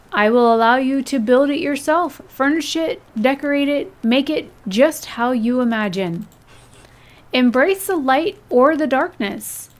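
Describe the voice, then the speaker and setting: Brief: woman reading an ancient commanding witch from a game, slow and solemn, voice a bit high. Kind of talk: reading game dialogue aloud.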